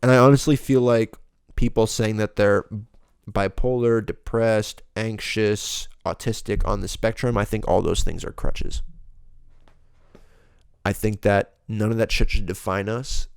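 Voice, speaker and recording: A man's voice: fairly low pitch, steady tone, measured pace, smooth, no echo, clean studio sound. A young man hosting a solo podcast, ranting bluntly and profanely in a rambling, casual way. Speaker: podcast host.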